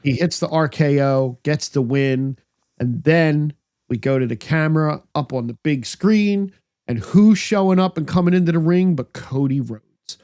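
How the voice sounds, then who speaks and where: A podcast co-host recapping in blunt, lively casual chat. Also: mid-range voice, moderate pace.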